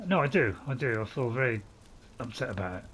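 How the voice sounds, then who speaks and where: A man's voice: medium pitch, lively intonation, fairly quick, a bit bright, a little hiss or hum. A man giving rambling, apologetic let's play commentary as a gaming channel host, chuckling to himself.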